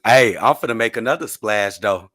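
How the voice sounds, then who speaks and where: A man's voice: lowish voice, moderate pace. A man co-hosting a sports podcast, playful and hyping up his picks in casual debate. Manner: playful, hypes his picks, loud outbursts.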